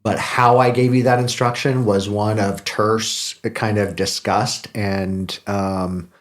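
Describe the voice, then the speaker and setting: A middle-aged man with a deep, low-pitched voice talks openly on a podcast. He is candid and self-deprecating, owning his faults and dropping swear words in casual conversation. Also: steady tone, slow. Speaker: podcast host.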